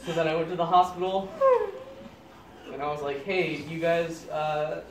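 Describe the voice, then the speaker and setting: A young man improvising an absurd story out loud, deadpan and halting, often cracking up at his own lines. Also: a little high. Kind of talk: rambling improvised comic story. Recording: echoey room, distant mic, loud noise.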